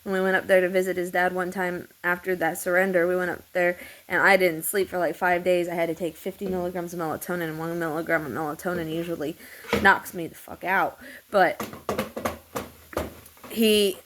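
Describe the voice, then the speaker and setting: A woman's voice: fairly low pitch, little pitch movement, fairly quick, a bit bright, low-quality recording. A woman telling a long personal story in a meandering, repetitive way, swearing freely. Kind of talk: rambling personal monologue.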